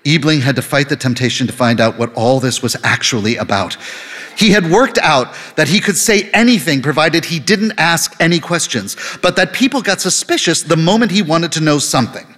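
A man reading an audiobook novel aloud in scripted narration, with a lively, dry delivery. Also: a little high, a little fast, in a large hall.

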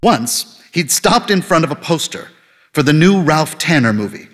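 A man reading an audiobook novel aloud in scripted narration, with a lively, dry delivery. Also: on the high side, moderate pace, long reverb tail.

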